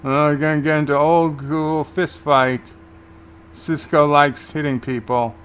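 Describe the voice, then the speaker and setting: A man's voice: a little high, fairly even intonation, a little slow, a bit bright, slight background noise. A man hosting a live watch-along, casually recapping scenes and paraphrasing the characters' lines. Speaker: show host and reviewer.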